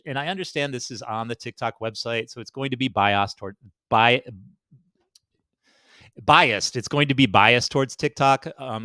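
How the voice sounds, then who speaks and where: A man's voice: medium pitch, a bit bright, dry recording. A man commenting casually while reading through a web page, rambling, swearing and correcting himself as he goes. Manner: rambling, profane, self-correcting.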